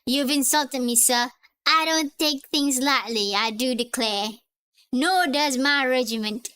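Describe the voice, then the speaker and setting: Lady putting on a pompous southern gent, touchy and proud, bright high voice, put-on southern drawl. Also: measured pace, clear, resonant tone. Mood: indignant.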